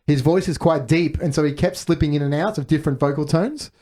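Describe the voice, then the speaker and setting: On a casual movie podcast, the male host talks quickly in a dark-toned voice that sits on the high side. He steers the group by asking questions and reading trivia aloud.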